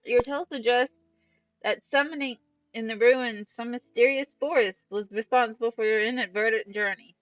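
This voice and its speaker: Calm scholarly advisor, measured and explanatory, read by a woman, dull distant headset sound. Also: fairly high pitch, dry recording, voice pushed up, close to an everyday voice. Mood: reasoning. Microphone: headset mic. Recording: dull, distant, dry, game music behind.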